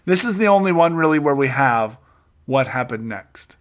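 A man's voice: mid-range voice, normal speed. A man giving a casual, enthusiastic bible teaching, retelling stories with jokes and asides. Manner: animated, enthusiastic, jokey asides.

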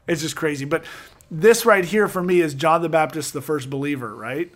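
A man hosting a casual Bible discussion, telling the stories with animated enthusiasm and quick asides. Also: fairly high pitch. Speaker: podcast host.

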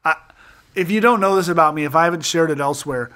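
A man hosting a casual Bible discussion, telling the stories with animated enthusiasm and quick asides. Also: fairly high pitch. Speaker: podcast host.

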